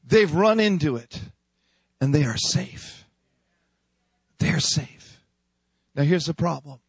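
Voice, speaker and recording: A man's voice: fairly high pitch, lively intonation, slow pace, breathy edge, no echo, studio quality. A male preacher delivering an emphatic sermon with call-and-response lines.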